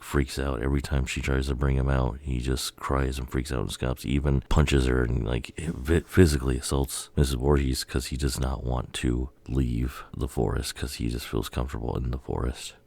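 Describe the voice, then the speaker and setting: A man casually pitching a story idea in a rambling, loose way, with casual swearing. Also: flat delivery, moderate pace, vocal fry, few pauses, darkish tone, dry recording. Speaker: video creator.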